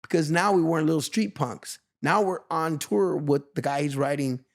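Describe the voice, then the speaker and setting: A man in his fifties from Los Angeles sits as the guest in a relaxed interview and spins stories with lots of energy. His voice sits a little higher than most men's. He slips into the voices of the people in his tales as he goes. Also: moderate pace. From Los Angeles, USA. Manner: lively, acts out other people's lines in his stories. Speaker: guest, veteran street dancer. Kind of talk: animated storytelling in a casual interview.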